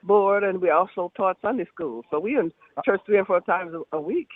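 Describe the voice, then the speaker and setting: An older woman with a Southern US accent, chatting warmly and animatedly as a guest on a phone interview. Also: medium pitch, normal speed, no room sound. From Alabama, US. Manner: chatty, laughing, animated storyteller. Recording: tinny phone line, dry.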